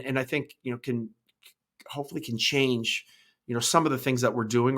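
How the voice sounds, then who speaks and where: This middle-aged podcast host speaks in a medium-pitched voice with a fairly bright tone. Thinking aloud while replying to live comments, he frequently restarts and repeats his words, tacking "right?" onto his points.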